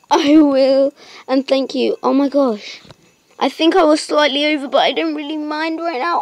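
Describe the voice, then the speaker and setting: A woman with a high voice hosts casual gameplay commentary, and the recording has no echo. She's excitable, bursting into happy squeals and padding pauses with hesitant ums.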